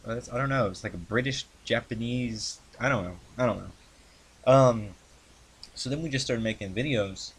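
A man's voice: medium pitch, moderate pace, breathy edge. A young man casually recounting the story of his video channel, rambling with many ums and restarts. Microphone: handheld mic he adjusts.

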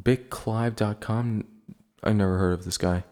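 A man's voice: sits low, a little slow, a little mellow. A man hosting a podcast in casual chat, blunt and profane as he rants. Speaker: podcast host.

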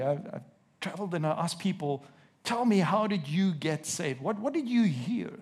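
In a church, a preacher with a husky, slightly mellow voice pitched high for a man delivers a sermon to a live congregation. He drawls scripture out slowly and emphatically, word by word, then questions his listeners directly, slipping in a wry joke now and then.

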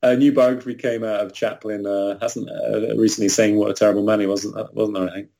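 A man with a British accent, a guest author in a casual interview, self-deprecating and halting, often restarting his sentences. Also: on the low side, little pitch movement, creaky, dark tone. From Britain.

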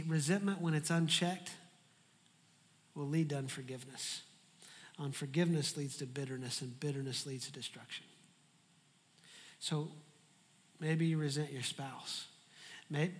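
A man preaching a sermon as a pastor, animated and humorous in how he tells the story. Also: a little high, long reverb tail.

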